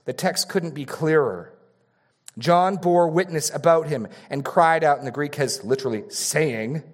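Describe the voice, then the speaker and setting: A male pastor preaching an expository sermon, repeating key phrases and swinging between raised emphasis and hushed asides. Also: fairly high pitch, a little slow.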